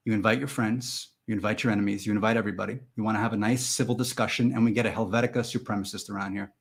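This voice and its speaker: A man hosting a live stream and chatting with viewers in a goofy, rambling way, jumping from loud mock-indignant bursts to mumbled asides. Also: lowish voice, steady tone, rapid-fire, creaky, slightly rough. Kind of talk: joking live chat with viewers.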